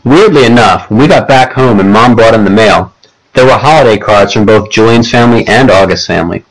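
Low-voiced male audiobook narrator. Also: fairly quick, low-quality recording.

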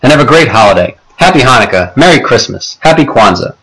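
A man reading aloud, voicing a patient male school principal who speaks in a calm, measured, gently firm way. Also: mid-range voice, breathy edge, full character voice, rough recording. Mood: kindly.

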